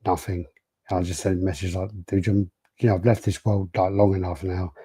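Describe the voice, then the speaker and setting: A man's voice: low-pitched, flat delivery, brisk, dark tone, breathy edge, no room sound. A British man co-hosting a podcast, casually telling stories and reading out live chat messages. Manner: rambling storyteller, acts out quotes. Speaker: podcast co-host.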